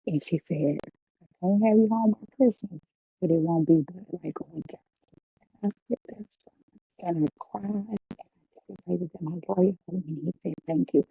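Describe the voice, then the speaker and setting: Podcast guest, woman, husky gravelly voice, heartfelt testimony, thin phone-like sound. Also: fairly low pitch, fairly even intonation, normal speed, dry recording. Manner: storytelling, preacherly, heartfelt. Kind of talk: emotional personal testimony. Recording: phone-like, dry.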